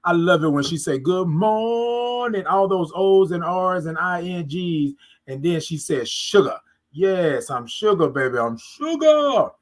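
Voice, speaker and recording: Guy with a high voice running a morning livestream, stretches out his good mornings, talks y'all-style into a close mic. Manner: drawn-out sing-song greetings to viewers; Southern US vernacular, "y'all". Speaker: livestream morning show host. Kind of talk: casual livestream chat. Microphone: close mic, moved nearer.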